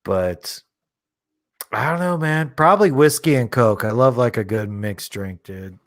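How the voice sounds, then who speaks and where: A man's voice: medium pitch, unhurried, no echo, clean studio sound. A man casually commenting on a movie as a streamer, laid-back and rambling, thinking aloud with lots of fillers. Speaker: streamer hosting a movie watchalong.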